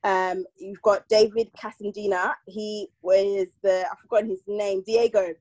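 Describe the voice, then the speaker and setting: A young woman rambles through a casual series review, restarting and correcting herself often. Her pitch sits mid-range. She is recorded dry, close to the mic. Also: level tone, measured pace, darkish tone, no room sound, poor audio. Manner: chatty, rambling, self-correcting. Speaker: podcast co-host.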